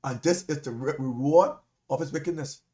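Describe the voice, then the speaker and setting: A man with a Caribbean accent, a deacon preaching a sermon in an animated, repetitive way, often laughing as he talks. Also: fairly high pitch, normal speed.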